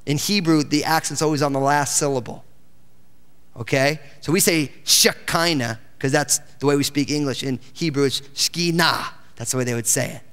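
A man's voice: mid-range voice, steady tone, a little fast, clean tone. A male pastor preaching a sermon, reading scripture aloud and breaking in with exclamations. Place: church sanctuary. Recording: church hall with long reverb.

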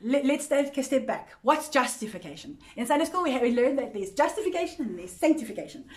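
A woman's voice: high-pitched, very animated, quick pace, darkish tone. A woman teaching a Bible study to a women's group in an earnest, conversational way, often repeating words and checking in with her listeners. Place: church women's group meeting.

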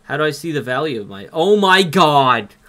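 A young man with a Minnesotan accent, commenting on a game live and reading its text aloud in an excitable, jokey way. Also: a little high, moderate pace. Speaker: streamer.

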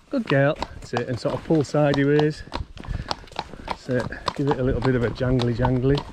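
A man's voice: medium pitch, steady tone, moderate pace. A man giving casual, blunt instructions while training a pony outdoors. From Cumbria, England. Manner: blunt, encouraging, coaxing the pony. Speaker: horse trainer. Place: outdoors in a yard and on a lane with a pony. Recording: outdoor noise, hoof clatter.

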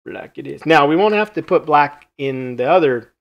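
A man's voice: fairly high pitch, expressive, normal speed, gravelly. A man hosting a live mask-painting tutorial, thinking aloud as he works, easygoing and rambling, with small jokes at his own expense. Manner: easygoing, rambling, self-joking; thinks aloud while working. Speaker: mask artist demonstrating painting.

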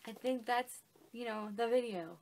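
A woman's voice: a little high, moderate pace, vocal fry, darkish tone, a little hiss or hum. A young woman talking casually and emotionally about books as a vlogger, gushing and filling her talk with "like" and "literally". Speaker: book vlogger. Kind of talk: casual chat.

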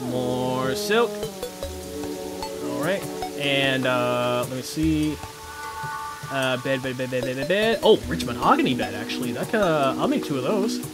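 A man hosting a gaming channel, giving casual gameplay commentary in an excitable, flustered, self-mocking way as he talks to his viewers. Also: mid-range voice, measured pace, over loud music.

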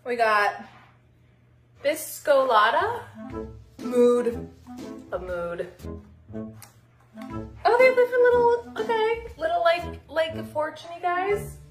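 A woman's voice: very high-pitched, expressive, slow pace, long pauses, echoey room, faint music behind. A woman casually reviewing snacks on camera, chatty and giggly, sometimes talking with her mouth full. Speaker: snack taster.

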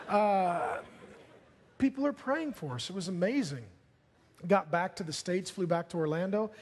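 Pastor, male, lively storytelling sermon voice, a bit high and husky, long hall reverb. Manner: animated, jokey storytelling with bursts of excitement.

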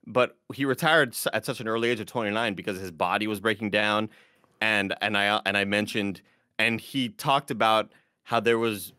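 A man co-hosting a podcast, chatting casually and telling animated stories. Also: lowish voice, no echo, studio quality. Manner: animated storyteller who does impressions of friends. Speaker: podcast co-host. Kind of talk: casual chat.

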